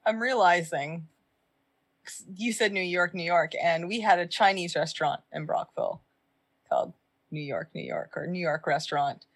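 A woman's voice: on the low side, normal speed. A woman from Canada in casual podcast chat, laid-back and frank, swearing casually.

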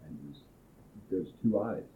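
A deep-voiced man talks in a quiet, hesitant way, searching for what to say. The recording sounds echoey and thin, like a phone line in a big room. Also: lively intonation, unhurried. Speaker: workshop participant. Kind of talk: hesitant sharing in a group.

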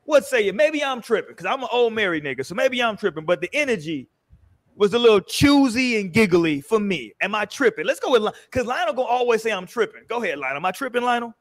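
A middle-aged man with a notably high speaking voice hosts a relaxed panel chat. He is blunt and teasing, and he keeps steering the other panelists. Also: fast talker. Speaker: podcast host.

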